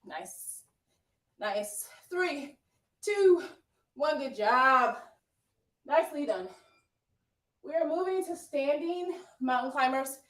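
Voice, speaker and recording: A woman's voice: sits high, expressive, slow pace, pauses often, fairly bright tone. A woman fitness instructor coaching a live workout, upbeat and out of breath, cheering and counting down. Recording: echoey room from far off.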